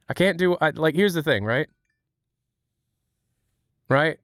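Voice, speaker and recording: A man's voice: on the high side, animated, takes it slowly, pauses often, fairly bright tone, no echo, clean studio sound. A young man from Ohio, chatting on a livestream in a rambling, self-deprecating way. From Ohio, USA. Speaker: streamer. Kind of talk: casual livestream chat.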